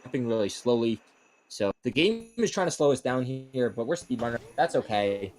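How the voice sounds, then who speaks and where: A man's voice: mid-range voice, animated, a little mellow, slight background noise. Chatty male speedrun commentator. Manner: quick, chatty, lots of fillers. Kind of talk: casual live commentary.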